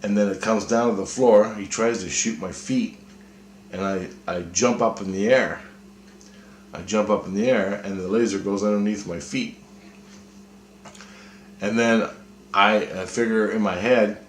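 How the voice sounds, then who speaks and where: A man's voice: lowish voice, fairly even intonation, a little slow, pauses often. A man casually retelling a dream, rambling and cursing, with frequent restarts. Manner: rambling, profane, restarts often. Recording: echoey room, faint noise.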